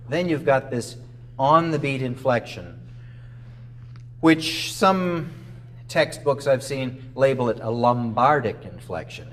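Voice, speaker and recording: A man's voice: mid-range voice, lively intonation, moderate pace, slight background noise. A man giving a masterclass to a concert band, explaining musical phrasing and singing short melodic lines to show it. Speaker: clinician. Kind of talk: masterclass coaching. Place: rehearsal room with a band.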